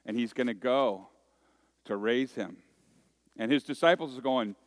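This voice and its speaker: Middle-aged male preacher, mid-pitched, folksy and joking with chatty asides; dry recording. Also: a little slow, long pauses, no echo. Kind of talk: sermon. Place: church worship service.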